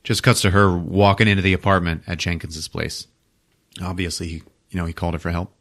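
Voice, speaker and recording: A man casually recapping a film for a podcast, swearing often, laughing and acting out quick character bits. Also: deep voice, little pitch movement, a bit bright. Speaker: podcast host.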